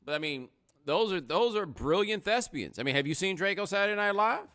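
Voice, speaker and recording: Sarcastic bright-voiced male podcast host. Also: high voice, a little fast. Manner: animated, sarcastic, rising to loud exclamations. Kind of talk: casual livestream chat.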